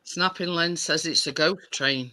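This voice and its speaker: A man co-hosting a casual live stream, asking slow, musing questions. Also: fairly high pitch, bright, forceful tone, low-quality recording. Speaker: co-host.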